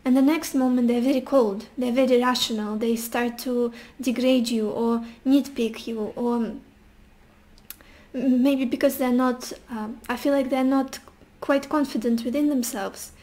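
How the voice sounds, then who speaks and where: A woman's voice: on the high side, fairly even intonation, measured pace, darkish tone. A young woman giving a casual tarot reading, musing intuitively with sassy asides. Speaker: tarot reader.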